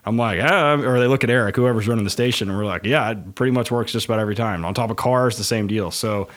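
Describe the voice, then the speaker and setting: Man, dog handler, lowish voice, rambling, lots of fillers, casual podcast guest. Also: quick pace.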